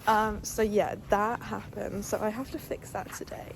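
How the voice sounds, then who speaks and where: A woman's voice: mid-range voice, level tone, normal speed, creaky, slight background noise. A young woman, chatting casually in a vlog about her horse and talking fondly to him. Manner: chatty, fond baby-talk to her horse. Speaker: equestrian vlogger.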